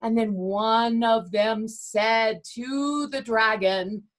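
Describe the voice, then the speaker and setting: A woman reading a children's story aloud as a storyteller, in an expressive, dramatic way. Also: a little high, drawn-out words.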